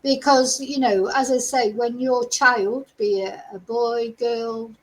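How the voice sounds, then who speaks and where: Speaking slowly and steadily in a fairly high register, this middle-aged true crime host runs a chatty livestream that sounds exasperated. She laughs between comments, and the recording quality is low.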